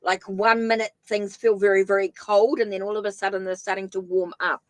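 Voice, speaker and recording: A middle-aged New Zealand woman gives a tarot reading on a live stream in a mid-pitched voice. She muses aloud, circling back and restarting her sentences as she goes. The sound is dry and close, with no room echo. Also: little pitch movement, a little fast. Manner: chatty, thinks aloud, many restarts. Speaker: tarot reader.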